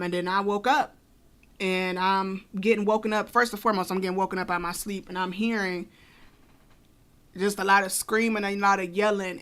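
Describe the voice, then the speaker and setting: Bright-voiced woman telling a rambling story. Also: medium pitch. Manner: rambling, many fillers and asides. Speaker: podcast co-host. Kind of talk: casual storytelling.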